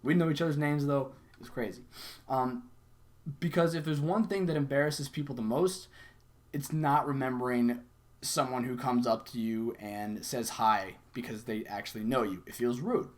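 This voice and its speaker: A man's voice: medium pitch, fairly even intonation, normal speed. Young adult man, conversational sales coach, acts out sample lines mid-explanation. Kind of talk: casual instructional talk.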